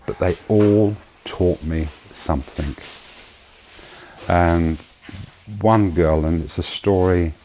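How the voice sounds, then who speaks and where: A man sharing a personal testimony in a slow, emotional storytelling manner. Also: sits low, warm tone, a little hiss or hum, poor audio. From United Kingdom. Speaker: charity founder giving testimony.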